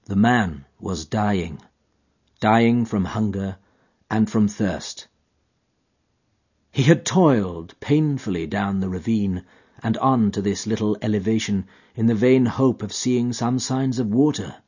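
A man narrating a literary story in an expressive, dramatic, drawn-out manner. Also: on the low side, breathy edge, muffled recording. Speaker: audiobook narrator.

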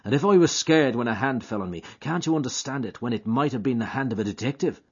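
A man's voice: mid-range voice, lively intonation, quick pace, darkish tone, breathy edge, voice pushed up. A man doing a coaxing lover. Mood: earnest. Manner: coaxing, earnest brogue. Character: young Irish man, smooth-talking, secretive lover. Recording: dull lo-fi recording.

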